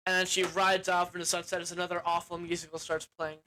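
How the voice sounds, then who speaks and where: A man's voice: high voice, little pitch movement, quick pace, background noise. A young man giving a casual, rambling movie recap in crude language, with lots of "like" fillers. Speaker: movie reviewer.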